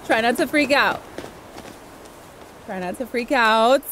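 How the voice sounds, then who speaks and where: Young woman, gameplay host, giggly and gushing, high lively voice, unhurried pace. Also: slight background noise. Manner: giggly, gushing, squealing with excitement. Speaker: gaming video host. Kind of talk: excited gameplay commentary.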